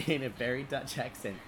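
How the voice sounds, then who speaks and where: A man casually telling a comic travel anecdote on a podcast, laughing often. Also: medium pitch. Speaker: podcast co-host. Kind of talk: casual chat, storytelling. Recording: noticeable background noise.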